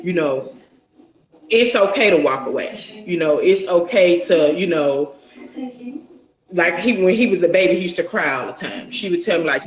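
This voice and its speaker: A woman's voice: on the low side, expressive, moderate pace. Woman guest, musing and rambling, lots of "you know", roomy echo. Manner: reflective, rambling with many fillers. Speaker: mother of a young son, guest. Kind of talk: casual interview talk.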